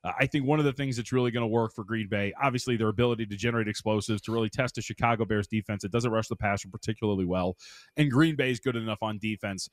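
Sports betting analyst, male, rapid and opinionated, dry studio mic. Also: lowish voice, no echo. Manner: brisk, opinionated, self-mocking. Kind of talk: radio sports betting talk.

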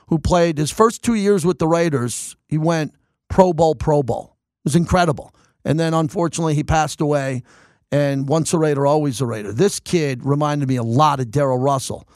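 A man in his fifties hosting a sports radio show, delivering an emphatic, excitable monologue into a close studio mic. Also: fairly high pitch, normal speed, dry recording.

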